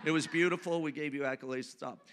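Male pastor, high bright voice, sermon delivery with call-and-response and humor. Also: fairly even intonation, fast talker, slight background noise.

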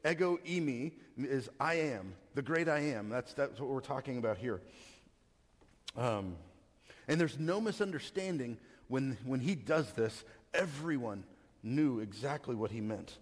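A man's voice: medium pitch, expressive, unhurried. A man from Texas, preaching a casual teaching sermon and asking the congregation questions. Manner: conversational teaching, asks the audience questions, frequent restarts. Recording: reverberant hall.

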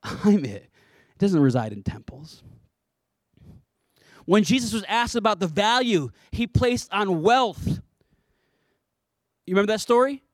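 Animated preaching man, high lively voice. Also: measured pace, long pauses, no echo, clean studio sound. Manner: animated, conversational preaching with playful asides. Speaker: pastor. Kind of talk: sermon.

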